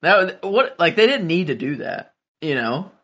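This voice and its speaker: A man's voice: fairly high pitch, big pitch swings, normal speed, sharp tone. A man co-hosting a podcast, rambling in casual chat with lots of fillers and restarts. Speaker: podcast co-host.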